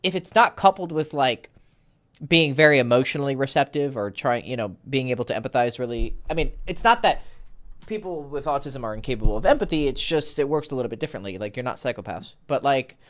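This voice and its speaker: A man's voice: medium pitch, fast. A man working as a dating coach, giving blunt, profane advice on a casual call. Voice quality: animated, swings between loud and soft, profane.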